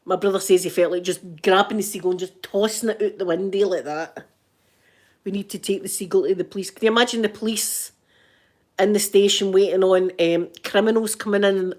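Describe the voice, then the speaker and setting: A woman's voice: mid-range voice, fairly quick. A Scottish woman hosting an ASMR livestream, chatting casually and acting out the people in her stories. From Scotland. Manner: animated, acts out the quoted people. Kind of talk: casual storytelling chat.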